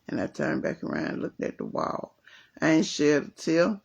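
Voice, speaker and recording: A woman hosting a casual livestream from home, chatting and reading viewer comments while telling a story in a lively way. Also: sits low, moderate pace, vocal fry, breathy edge, muffled recording. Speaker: livestream host. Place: at home, resting with leg elevated.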